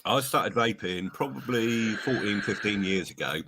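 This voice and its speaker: A man's voice: fairly low pitch, expressive, normal speed, background noise. A man answering interview questions as a guest, hesitating often with ums.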